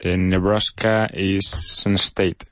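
Very deep, slow-speaking male student. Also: little pitch movement, bright, forceful tone. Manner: hesitant, halting, many fillers. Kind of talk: answering in a language lesson.

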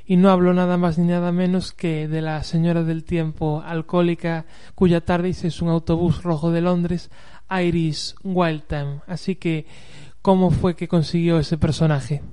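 A host narrates a scripted summary in a measured, even way. His voice is smooth and mellow, and his pitch barely moves. He sits slightly high for a man.

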